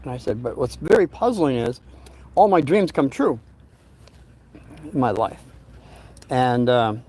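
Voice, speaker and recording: A man's voice: medium pitch, very animated, measured pace, long pauses, warm tone. An older man casually telling a personal story, rambling and often repeating words as he searches for them.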